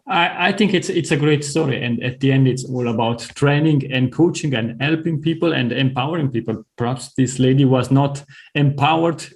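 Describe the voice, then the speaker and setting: A man hosting an interview podcast, speaking in a polite, measured way. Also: mid-range voice. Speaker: podcast host. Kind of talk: interview wrap-up.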